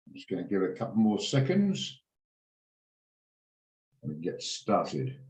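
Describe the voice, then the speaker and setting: A man's voice: deep voice, huge pitch swings, unhurried, a little mellow, reverberant, rough recording. A man hosting a live trading session over a video call, chatty and joking, with frequent fillers and restarts. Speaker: trading room host.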